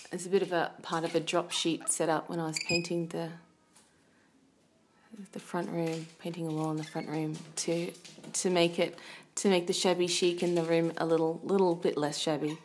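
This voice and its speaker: A woman's voice: on the low side, a little mellow, a little hiss or hum. A woman hosting a casual call-in voice-message show, chatty and playful, rambling between her callers. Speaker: host.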